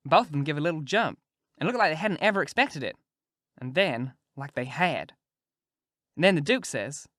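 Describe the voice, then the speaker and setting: A man's voice: fairly high pitch, very animated, normal speed, pauses often, bright, forceful tone, no room sound. A male audiobook narrator reading a first-person story in a folksy way, close to the mic.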